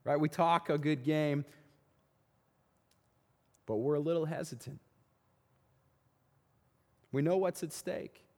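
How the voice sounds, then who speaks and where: A man's voice: on the high side, takes it slowly, pauses often, darkish tone. Preaching man in a reverberant hall. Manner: repeats words, asks rhetorical questions. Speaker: pastor. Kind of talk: sermon. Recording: long reverb of a large hall.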